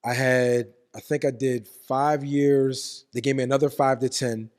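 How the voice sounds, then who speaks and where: A man being interviewed, telling a story with animated profanity and acting out what people said. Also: mid-range voice, unhurried. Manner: animated, profane, acts out quotes. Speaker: guest.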